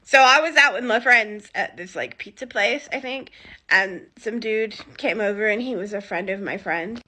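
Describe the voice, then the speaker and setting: A woman's voice: mid-range voice, moderate pace, bright, forceful tone. A young woman with an English accent telling stories casually, dry and sarcastic. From England. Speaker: TikTok storyteller. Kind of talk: casual storytelling.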